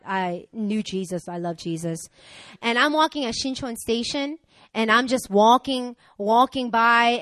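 Bright, animated woman preaching. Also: a little high, no room sound. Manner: animated, acts out dialogue, candid. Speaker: preacher, pastor's wife. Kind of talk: sermon with personal storytelling.

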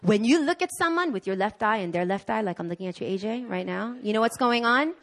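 A woman preaching a sermon at a church service in an animated way, acting out the voices she quotes. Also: medium pitch, fast. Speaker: guest preacher.

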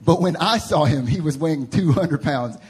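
A young man with a Southern US accent, preaching a sermon to a congregation as a lively, laughing storyteller who acts out the voices in his stories. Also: on the high side, normal speed. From American South. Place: church service before a congregation.

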